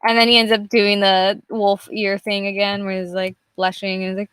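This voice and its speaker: A woman's voice: medium pitch, flat delivery, moderate pace, a bit bright, smooth, dry recording. A young woman chatting casually and rambling while she streams herself drawing, swearing freely along the way. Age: young adult. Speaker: artist streaming her work. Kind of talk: casual live-stream chat.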